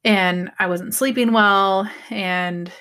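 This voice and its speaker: A woman's voice: medium pitch, slow, clean tone. A young woman in casual chat, telling a story with lots of acted-out quotes. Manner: animated storyteller acting out quotes.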